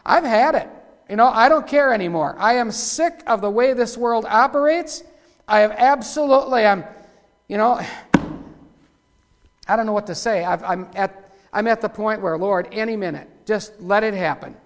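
Rough-talking preacher man in an echoey hall. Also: high-pitched, moderate pace. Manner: rough, folksy preaching with sudden loud outbursts. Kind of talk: sermon. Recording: echoey hall with long reverb.

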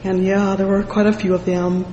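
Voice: mid-range voice, level tone, moderate pace, warm tone, muffled recording, a little hiss or hum. A preacher delivering a fervent sermon, reading scripture and often exclaiming praise between loose, conversational asides. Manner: fervent, punctuated with "praise the Lord"; frequent "you know" fillers and restarts. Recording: echoey hall with long reverb.

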